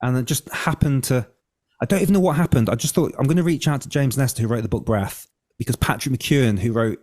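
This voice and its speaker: A man's voice: mid-range voice, fast, a little mellow. A man, a breath coach, telling his story as a podcast guest, candid and casual, sometimes swearing and acting out his own past thoughts.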